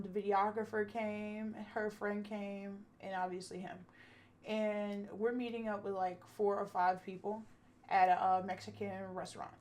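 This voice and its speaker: Candid, profane woman telling a story. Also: mid-range voice. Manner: candid, profane, acts out quotes. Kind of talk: casual storytime.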